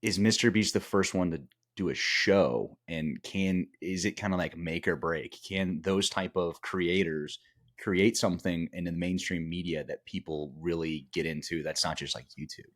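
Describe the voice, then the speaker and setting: A man's voice: deep voice, fairly even intonation, normal speed. A man co-hosting a casual podcast, rambling and restarting his sentences, tired. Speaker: podcast co-host.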